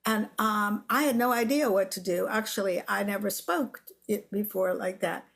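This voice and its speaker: An older woman, a podcast guest, telling a story in an animated way and acting out the quotes. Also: medium pitch, moderate pace, gravelly. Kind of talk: storytelling interview.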